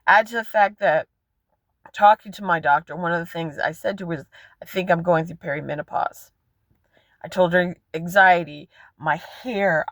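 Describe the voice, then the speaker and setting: A woman's voice: fairly low pitch, fairly bright tone, no echo. Frank, rambling woman vlogging from a car. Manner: frank, rambling, swears freely. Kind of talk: candid personal vlog.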